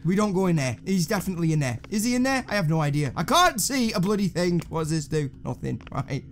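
A man's voice: high voice, sing-song, quick pace, slight background noise. A man giving jumpy, sarcastic, swearing commentary while playing a horror video game. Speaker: gaming channel host.

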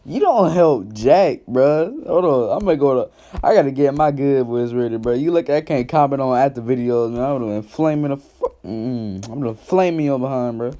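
A man's voice: medium pitch, lively intonation, normal speed, mellow. A man doing reaction commentary, roasting another creator in loose slang and laughing often.

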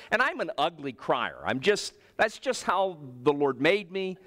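A male pastor delivers a sermon in a church, weaving humorous personal stories into his teaching. His voice sits high and swings widely in pitch, with a bright, sharp edge. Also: moderate pace, hardly any pauses. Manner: animated storytelling, with personal anecdotes and humor.

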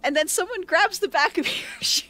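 A woman's voice: extremely high pitch, fairly quick, music in the background. A woman running a tabletop game as game master, narrating with frequent laughter and tumbling restarts. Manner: laughs often while narrating, animated with many restarts.

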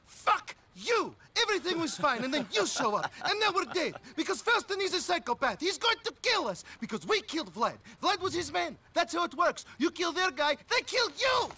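An actor playing a frantic, cowardly male cousin who whines and yells in a game cutscene. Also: very high voice, big pitch swings, moderate pace, a little hiss or hum, heavily acted. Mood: panicked. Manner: frantic, whiny, yelling. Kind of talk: video game cutscene acting.

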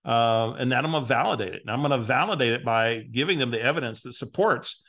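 Man, middle-aged, sales coach, training video, instructive, gravelly voice. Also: medium pitch, quick pace, a bit bright. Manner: instructive, acts out sample phone calls. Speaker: real estate sales coach.

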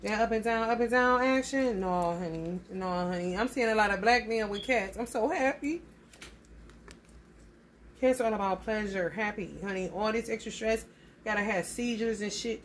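A woman gives a loose, casual tarot reading in a gravelly, creaky voice. She talks bluntly and swears often, calling her listeners honey. A faint hiss of noise sits under her voice. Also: a little high, moderate pace. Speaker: tarot reader.

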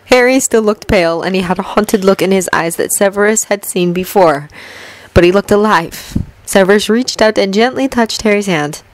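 A woman reading a fanfiction story aloud in steady, earnest storytelling. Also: medium pitch, dry recording, low-quality recording. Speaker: fanfiction reader.

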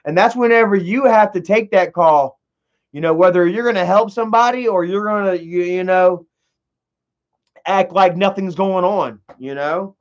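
A young man hosts a loose, profane commentary in a rambling, excitable way. His voice sits high for a man. The recording is dull and lo-fi. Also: normal speed. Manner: rambling, heavy swearing, excitable. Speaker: commentary host.

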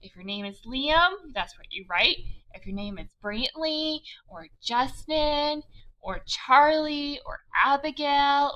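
A woman teacher giving a slow, patient writing lesson to young children, spelling words out letter by letter. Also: on the high side, pushed and bright, rough recording.

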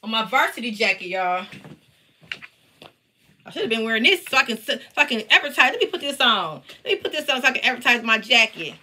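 A crafter who sells and teaches shows her embroidered patches on a live stream from her basement, chatting straight to her audience. Her slightly high voice is sing-song, fast, pushed, and bright.

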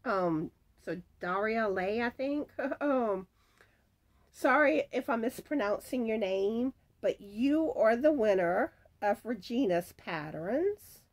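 A woman's voice: fairly high pitch, lively intonation, slow pace. A woman hosting a crafting channel, chatting casually as she reads out giveaway winners and their comments. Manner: chatty, reads comments aloud, stumbles over names. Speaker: crochet channel host announcing giveaway winners. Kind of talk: casual chat.

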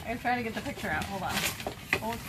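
A woman's voice: fairly high pitch, fast. Woman host, casual self-deprecating unboxing chatter, noisy home recording. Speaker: online reseller, channel host.

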